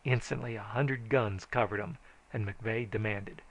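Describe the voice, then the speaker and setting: A man reading a frontier tall tale aloud as an audiobook, in a folksy first-person telling that rises to shouts for the characters. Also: on the low side, steady tone, a little slow. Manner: folksy first-person storytelling, raising his voice for shouted lines. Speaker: audiobook narrator.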